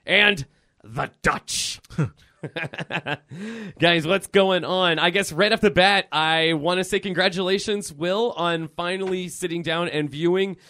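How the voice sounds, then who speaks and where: A man's voice: sits high, sharp tone. A man hosting a podcast, joking around in casual chat with his friends. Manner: joking, quick banter. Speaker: podcast host.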